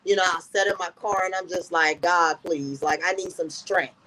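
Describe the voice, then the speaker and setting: A woman's voice: lowish voice, fairly even intonation, normal speed, sharp tone, poor audio. A woman guest in an interview, earnestly telling a personal story and often repeating "I said" as she recounts conversations.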